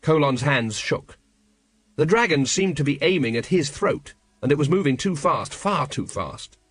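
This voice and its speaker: A man's voice: on the high side, lively intonation, moderate pace, no echo. Male audiobook narrator, dry close sound. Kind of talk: scripted narration.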